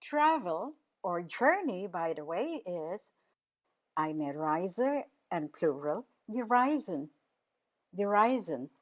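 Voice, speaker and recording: Slow, lively woman teaching German. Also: on the low side. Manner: slow, careful enunciation, repeating each word. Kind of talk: radio language lesson.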